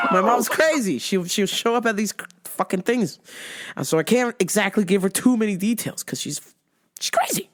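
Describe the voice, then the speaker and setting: A woman's voice: mid-range voice, lively intonation, normal speed. A woman hosting a casual chat show who swears freely, laughs often and tells stories animatedly. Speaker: host.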